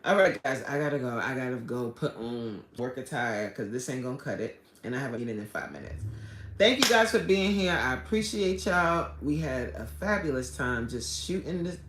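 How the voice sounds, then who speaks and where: A woman's voice: very deep voice, big pitch swings, moderate pace, a bit bright, a little hiss or hum. Woman host, casual live-stream chatter, reads chat aloud, laughs a lot, roomy sound. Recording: echoey room.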